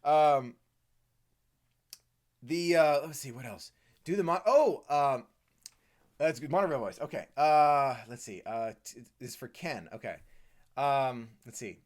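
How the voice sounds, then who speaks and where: A man's voice: mid-range voice, normal speed. A man from the Washington, D.C. area hosting a live stream Q&A, chatty, reading viewer comments aloud and answering them. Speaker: host.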